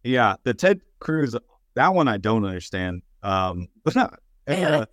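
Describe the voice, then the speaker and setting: A man from Texas co-hosting a casual political chat, explaining things in a plain-spoken, steady way with fillers. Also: lowish voice, unhurried, no echo.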